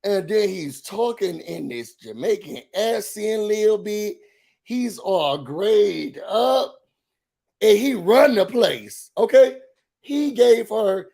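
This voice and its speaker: A man hosting a casual reality TV recap, gossipy and animated, talking straight to his viewers. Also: high-pitched, slow, creaky. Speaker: reality show recap host.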